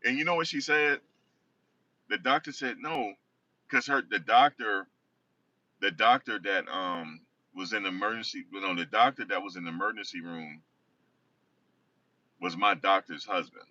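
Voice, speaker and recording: Man, low voice, forceful bright tone, rambling storytelling, distant muffled recording. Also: normal speed, pauses often, no room sound. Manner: rambling, self-correcting, conversational. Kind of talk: casual personal storytelling.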